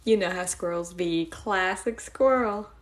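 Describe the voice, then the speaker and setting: A woman's voice: lowish voice, a little slow. A young woman live-streaming, chatting casually and giggling as she thanks her viewers.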